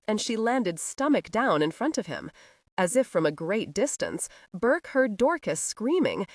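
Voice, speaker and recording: A woman narrating a historical romance audiobook in an expressive storytelling manner. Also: mid-range voice, no echo, studio quality. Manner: expressive, voices each character.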